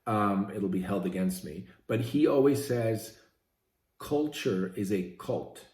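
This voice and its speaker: A Swiss-born man in middle age speaks to his viewers in a relaxed, chatty motivational talk, often tossing in "right?". His voice sits on the low side. The room adds a noticeable echo. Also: slow. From Switzerland. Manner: conversational, often asks "right?". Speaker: vlogger. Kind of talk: casual motivational talk to camera.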